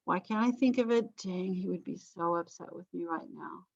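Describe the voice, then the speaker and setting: In this dry, slightly dull lecture recording, a middle-aged woman rambles chattily through a history class and pokes fun at herself along the way. She speaks at a normal speed in a lowish, gravelly voice.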